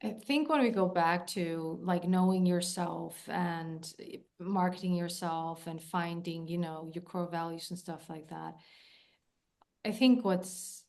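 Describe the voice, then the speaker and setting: Encouraging woman host, lowish voice. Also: measured pace, gravelly, darkish tone. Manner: encouraging, affirming listener. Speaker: podcast host and coach. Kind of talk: casual interview chat.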